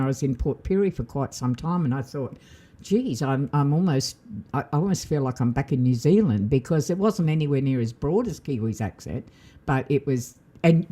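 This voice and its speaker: A woman's voice: a bass voice, warm tone. A woman with an Australian accent, co-hosting a casual podcast, telling stories in a chatty way and laughing often. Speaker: co-host.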